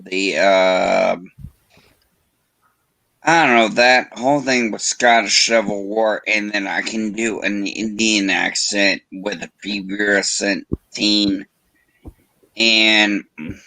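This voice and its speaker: A man's voice: fairly low pitch, bright, forceful tone, no echo, poor audio. A man calling into a casual livestream, rambling and swearing as he talks. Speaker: caller.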